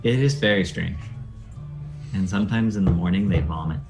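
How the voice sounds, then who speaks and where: Calm noble princess, voiced by a man. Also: low voice, moderate pace, creaky, music in the background. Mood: matter-of-fact. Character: dignified young noble princess.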